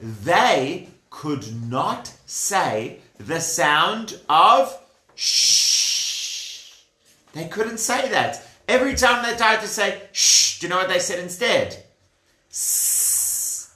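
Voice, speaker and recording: A man's voice: sits high, expressive, takes it slowly, few pauses, sharp tone. A man telling a Bible story to children in a chatty way, asking them questions, in a room with children listening. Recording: roomy echoey room.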